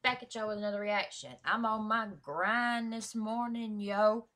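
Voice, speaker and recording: A woman hosting a reaction vlog, talking in casual slang, full of shout-outs and swearing, hyped up for the track. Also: fairly high pitch, normal speed. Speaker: YouTube reaction host.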